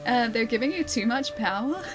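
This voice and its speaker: A young woman streams a game and keeps up a casual, chatty commentary, giggling as she thinks aloud. Her voice sits a little high. Faint music plays behind her. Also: lively intonation, a little fast.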